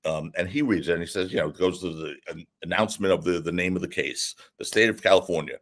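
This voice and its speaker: A man, a defense attorney, telling a story as a guest in a casual interview, in an animated, lively way. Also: deep voice, fast talker.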